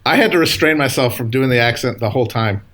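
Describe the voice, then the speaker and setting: A man's voice: mid-range voice, fast talker, fairly bright tone. A man co-hosting a comedy podcast, chiming in with dry jokey asides. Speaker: podcast co-host. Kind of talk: casual comedic chat.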